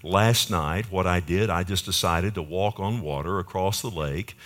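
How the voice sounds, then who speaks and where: A man preacher voicing Jesus as a calm adult man who speaks in a casual, matter-of-fact way. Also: deep voice, normal speed. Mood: offhand.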